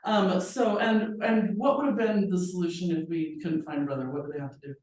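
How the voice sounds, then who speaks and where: A woman presenting at a training seminar, telling a story and acting out the people in it with lively voices. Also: on the low side, brisk. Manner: animated, acts out quoted people with voices. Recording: very echoey room, voice from far off.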